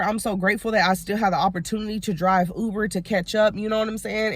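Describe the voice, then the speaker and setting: Sitting in her car, a woman with a mid-range voice delivers a casual, earnest, rambling motivational vlog, frequently saying "you know what I'm saying." There is no room sound.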